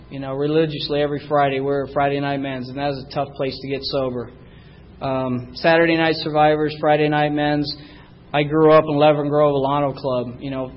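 A middle-aged man giving personal testimony at a recovery meeting, halting and repeating himself, and getting louder when he stresses a point. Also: on the high side, highs cut off. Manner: halting, repeats words, rises in volume when emphatic.

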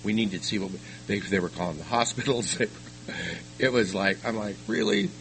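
A man's voice: on the low side, fairly bright tone, a little hiss or hum, low-quality recording. Older man telling his recovery story. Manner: halting storytelling with repeated restarts. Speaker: recovery meeting speaker. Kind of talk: personal testimony talk. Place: meeting room.

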